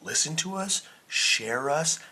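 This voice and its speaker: A man's voice: a little high, lively intonation, slow pace, sharp tone. A man co-hosting a casual podcast, rambling earnestly and swearing freely. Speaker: podcast co-host.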